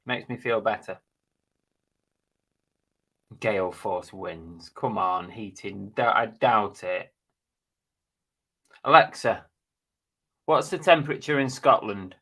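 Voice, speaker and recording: A man's voice: fairly low pitch, slow pace, long pauses, sharp tone, slightly rough. A man hosting a casual live stream, chatting bluntly and jokily while reading out viewer comments.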